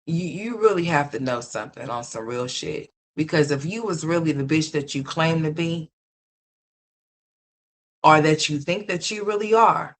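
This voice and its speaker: This is an unscripted gossip commentary voice, blunt and full of profanity. The speaker scolds the listener directly and rambles, circling back to the same words again and again for emphasis. Pitch sits in the middle range. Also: fairly bright tone. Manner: rambling, repeats phrases for emphasis.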